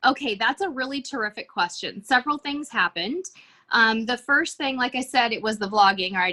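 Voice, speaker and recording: A woman's voice: on the high side, a little fast, pushed and bright. A middle-aged woman, a cruise vlogger, talking earnestly and reflectively as a guest in a podcast interview. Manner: earnest, reflective, self-aware.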